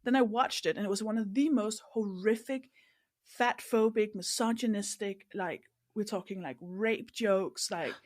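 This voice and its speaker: A woman's voice: medium pitch, measured pace, darkish tone, dry recording, clean studio sound. A woman from Denmark, a comedian guest on a podcast, telling a story in casual chat and acting out the quoted people.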